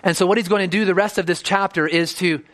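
A man with a fairly high voice preaches a sermon in an earnest, unscripted way. He often repeats a word as he starts a sentence. When he quotes others, he acts out their voices. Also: steady tone, fast talker, fairly bright tone.

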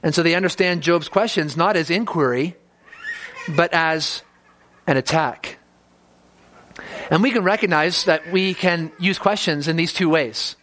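Guy preaching a sermon, kinda high voice, earnest, stumbles and repeats words, acts out the quotes. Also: a little slow, pauses often, fairly bright tone, slight background noise. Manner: earnest, repeats words when starting sentences.

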